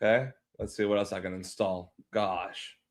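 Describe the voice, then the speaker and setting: Speaking at normal speed with a flat delivery, this man's voice sits on the low side. He's a livestreaming video editor who chats casually as he works, muttering and swearing offhandedly, slightly congested and sick from pollen.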